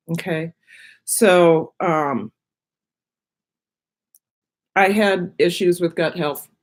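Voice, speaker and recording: A middle-aged woman chatting casually on her own live stream, rambling from one thought to the next while she eats. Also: on the low side. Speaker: vlogger on her own channel.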